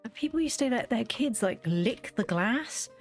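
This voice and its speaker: A woman's voice: on the high side, normal speed, soft background music. Chatty woman telling stories. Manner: chatty storytelling, lively quoted asides. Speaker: gaming video creator. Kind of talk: casual chat while playing.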